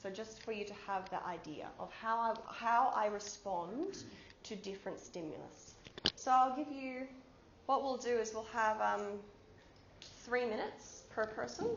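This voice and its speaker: In a conference room, a woman with a mid-range voice and lively intonation runs a workshop at a measured pace. She explains ideas with everyday examples and tells the audience what to do. The echoey room gives a dull sound, with background noise.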